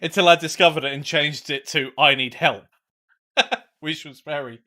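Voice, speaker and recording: A man with a bright, clear-toned voice co-hosts a casual live stream. He muses on game design in a thoughtful way and laughs easily. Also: a little high, moderate pace. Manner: reflective, laughs often. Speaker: co-host.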